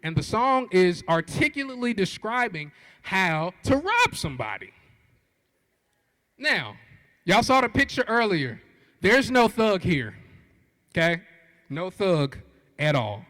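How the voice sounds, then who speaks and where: A man's voice: high voice, unhurried, long pauses. A man giving a comedic storytelling keynote on an auditorium stage, acting out the voices he quotes. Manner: animated, acts out quoted voices. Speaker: keynote speaker. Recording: long reverb of a big auditorium.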